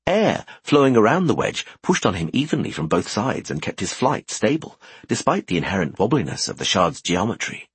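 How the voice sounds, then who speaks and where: Male audiobook narrator, low and breathy, very lively delivery. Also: moderate pace, few pauses, no echo. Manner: expressive, animated. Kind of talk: scripted fantasy narration.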